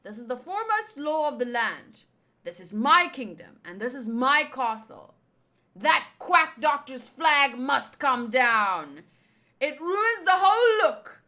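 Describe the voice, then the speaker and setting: A woman reading aloud as a greedy, boastful male king, declaring slowly and loudly. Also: high-pitched, very animated, exaggerated voice. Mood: pompous.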